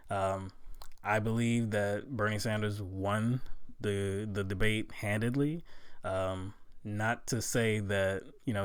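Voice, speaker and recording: A man talking through political commentary in a loose, conversational way, full of fillers, growing loud and incredulous at times. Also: on the low side, clean tone, no echo, studio quality. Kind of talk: casual political commentary vlog.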